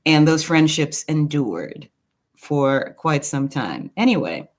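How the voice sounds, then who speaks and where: A woman from Brooklyn telling a personal story in a casual, digressive monologue, with quick asides to the viewer. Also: sits low. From Brooklyn, New York. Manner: animated, swings her voice widely. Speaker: commentary channel host.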